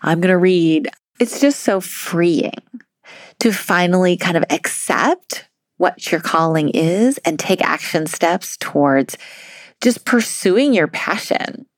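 A woman's voice: on the low side, lively intonation, slow pace, no echo, studio quality. A woman life coach giving upbeat, chatty advice on a solo podcast, laughing often as she talks.

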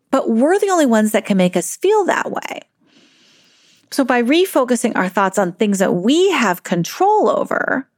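A woman with a fairly high voice talks parents through their frustrations in a conversational solo podcast. She laughs easily and slips into the voice of a parent's inner thoughts. The sound is close and dry, with no room around it. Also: no echo. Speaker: parenting coach.

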